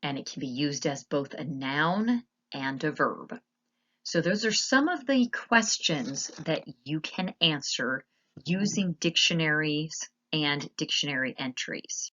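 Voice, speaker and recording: A woman with a notably low voice talks through a slide lesson as a teacher. She explains patiently and spells words out slowly. The audio is a little dull and muffled. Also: lively intonation, a bit bright.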